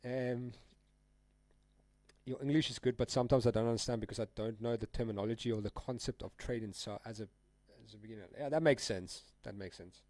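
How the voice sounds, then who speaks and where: A man hosting a live trading stream in a loose, slang-heavy way, speaking straight to his viewers. His voice is mid-range in pitch. The sound is dry, with little room around it. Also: brisk, a little mellow, dry recording. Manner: casual, slangy, addresses viewers as guys and dude.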